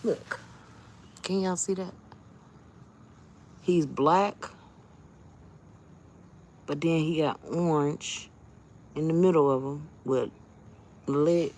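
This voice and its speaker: A woman's voice: sits low, darkish tone, slight background noise. A woman vlogger talking casually to her viewers, chatty and jumpy, laughing often as she frets.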